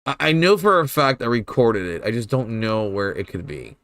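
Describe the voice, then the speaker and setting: A young man rambles through casual game commentary, cursing freely and breaking into laughs. His pitch jumps around a lot as he talks. The sound is dry and close, with no room echo. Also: sing-song, normal speed, fairly bright tone. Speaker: streamer.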